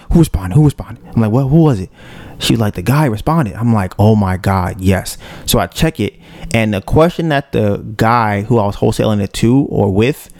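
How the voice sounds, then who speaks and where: Man, podcast host, gravelly, dry close sound, slangy casual storytelling. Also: fairly low pitch, dry recording. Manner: animated retelling, acts out his own quoted reactions; slangy and loose, with "bro" and "yo".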